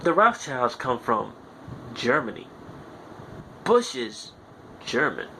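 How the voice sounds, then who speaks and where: Ranting young man, lively voice. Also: mid-range voice, slow pace, a little hiss or hum. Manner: profane, ranting, repeats himself insistently. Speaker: podcast host. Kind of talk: heated monologue.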